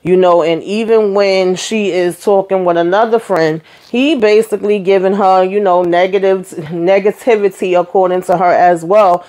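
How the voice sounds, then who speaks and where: A woman recaps a reality show in a sassy, animated way and acts out the people in it as she goes. Her voice sits at a middle pitch. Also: normal speed, hardly any pauses. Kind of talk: casual recap commentary.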